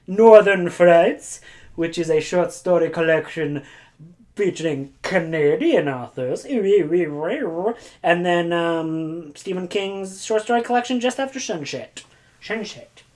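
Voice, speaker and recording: A woman with a slightly low voice talks through her books in a loose, casual chat. She rambles, drops in goofy asides and silly sound effects, and fills her pauses with plenty of uhs. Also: animated, a little mellow. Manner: frequent filler words. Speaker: book vlogger.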